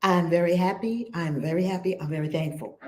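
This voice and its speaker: A reverend with a New York accent speaks from her own home in a livestreamed spiritual session. She is effusive and leans on repeated affirmations, then slows into a measured, chant-like guided prayer. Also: on the low side, fairly even intonation, a little mellow.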